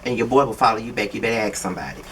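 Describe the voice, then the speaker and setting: A man's voice: fairly low pitch, animated, very fast, fairly bright tone, recorded from a distance, slight background noise. A man giving blunt, profane, exasperated commentary while reviewing a reality TV show. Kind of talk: casual video commentary.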